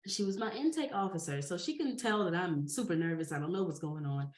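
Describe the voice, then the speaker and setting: A woman guest on a podcast, telling a story in a lively, dramatic way and laughing often. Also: lowish voice, brisk. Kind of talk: animated storytelling. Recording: roomy echo.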